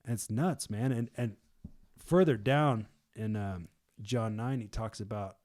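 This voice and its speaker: A man's voice: on the low side, measured pace, a little mellow. A man leading a casual group discussion, retelling a story in a chatty way with slang and laughter.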